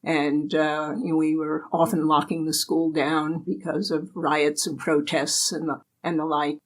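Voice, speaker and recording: A woman's voice: low voice, flat delivery, measured pace, low-quality recording. An older woman from the United States, a guest in an interview, telling anecdotes in a chatty way and laughing often. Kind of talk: casual storytelling interview.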